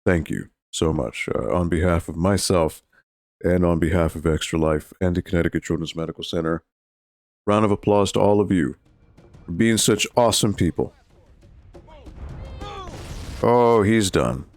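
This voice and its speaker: Deep-voiced male streamer, easygoing and thankful, close dry mic. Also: moderate pace, no room sound, faint music behind. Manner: relaxed, rambling, thankful. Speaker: charity livestream host. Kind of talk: casual game streaming.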